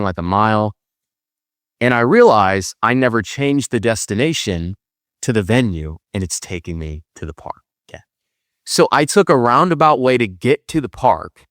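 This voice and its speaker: A man's voice: on the low side, no echo, clean studio sound. A young man from Milwaukee, a podcast co-host, telling a rambling, self-deprecating story full of acted-out asides. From Milwaukee, Wisconsin. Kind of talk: storytelling monologue.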